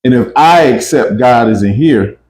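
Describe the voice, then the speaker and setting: A man's voice: mid-range voice, expressive, normal speed, a little mellow, echoey room. A man hosting a casual spiritual talk, emphatic and often checking in with "right?" and "you see?". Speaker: podcast host.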